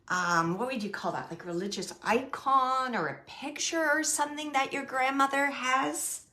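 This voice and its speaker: A woman working as a medium, giving a gentle spirit reading to a sitter, halting and searching as she relays messages, with many fillers and restarts. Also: sits high. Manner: gentle and reassuring. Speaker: psychic medium.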